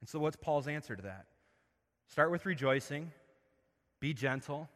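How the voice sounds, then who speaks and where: Male pastor, slightly high voice, preaching with rhetorical questions, loud then hushed, long hall reverb. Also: animated, moderate pace. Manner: asks the congregation questions, swings from loud emphasis to soft and low. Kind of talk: sermon.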